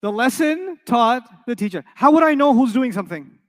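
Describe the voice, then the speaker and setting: A man's voice: extremely high pitch, normal speed. A young man teaching an Arabic grammar lesson, asking his students questions often. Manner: lively, asks the class questions often.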